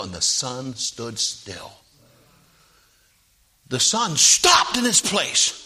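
A man preaching a sermon in a church, swinging from soft asides to shouted lines. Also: lowish voice, slightly rough.

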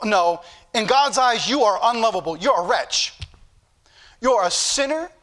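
A male preacher with a Southern US accent, reading scripture slowly and preaching with emphatic repetition to a church congregation. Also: high voice, lively intonation, fairly bright tone, a little hiss or hum. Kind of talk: sermon.

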